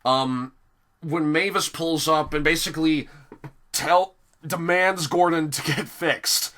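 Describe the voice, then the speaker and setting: A man giving a casual, animated video review, often laughing and filling pauses with "um". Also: on the high side. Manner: animated, giggly, many fillers.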